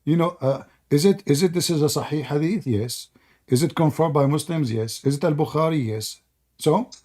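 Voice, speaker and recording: A man hosting a live debate call, mocking and sarcastic, laughing often and hoarse from talking for hours. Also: fairly high pitch, moderate pace, a little mellow. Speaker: debate stream host.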